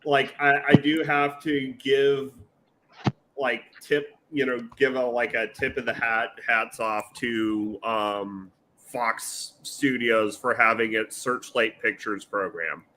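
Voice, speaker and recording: A man hosts a podcast in casual chat, speaking slowly and hesitantly as he searches for words. His voice has a bright, forward tone, with faint noise in the background. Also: mid-range voice, fairly even intonation, rough recording. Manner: hesitant, many fillers and restarts. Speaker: podcast host.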